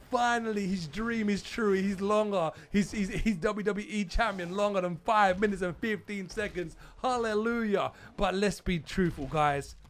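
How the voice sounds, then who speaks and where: Hyped high-voiced man recapping wrestling. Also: a little slow. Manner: hyped, stumbles and repeats himself; calls viewers dudes. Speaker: gaming channel host. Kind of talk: excited wrestling recap vlog.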